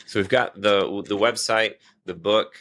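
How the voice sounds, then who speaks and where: A man hosting a podcast interview, asking his questions haltingly and restarting them often. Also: on the low side, steady tone, fairly bright tone. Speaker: podcast host.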